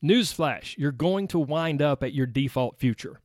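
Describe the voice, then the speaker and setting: Man, Southern US accent, podcast host, chatty, upbeat, slightly high voice, dry close mic. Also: animated, measured pace, darkish tone, no echo. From United States. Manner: upbeat, chatty, laughs often, talks straight to listeners. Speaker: weight loss coach podcast host. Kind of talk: solo podcast monologue.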